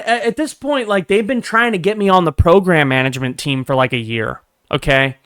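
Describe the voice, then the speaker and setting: A young man telling a workplace story in a casual, profane, animated rant, swinging between low mutters and loud bursts. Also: clear, resonant tone. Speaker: vlogger.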